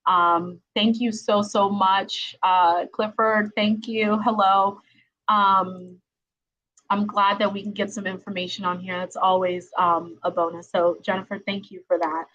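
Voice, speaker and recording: A middle-aged woman hosts a casual live-streamed interview over a home video call. Her voice is slightly husky and sits at an ordinary pitch, and she keeps things light with frequent laughs and filler words. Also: level tone, unhurried, a bit bright, highs cut off. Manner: chatty, laughs often, many "um"s and "right?"s. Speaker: podcast host, attorney.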